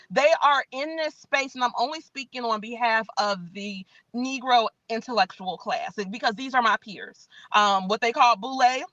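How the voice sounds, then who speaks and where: Bright-voiced, emphatic woman. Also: high-pitched, no echo, dull audio. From Chicago, US. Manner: animated, folksy, emphatic. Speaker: guest. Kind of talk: conversational interview. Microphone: podcast mic.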